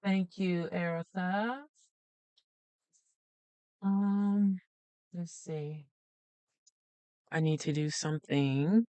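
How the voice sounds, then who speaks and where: A woman chats her way through a live craft stream, speaking slowly and unhurriedly. She greets viewers by name and thinks aloud as she works. The sound is dry and close, with no room echo. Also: lowish voice, warm tone, clean tone. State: a little out of breath. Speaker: planner vlogger hosting a live stream. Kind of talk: casual live-stream chat.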